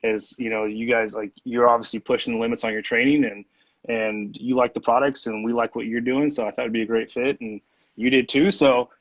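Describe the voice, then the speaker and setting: A man from a sponsor joining a live chat, relaxed and loose, with lots of fillers. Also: medium pitch, fairly quick, dry recording. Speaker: sponsor representative. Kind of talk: casual chat on a call. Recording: dry, dull lo-fi call audio.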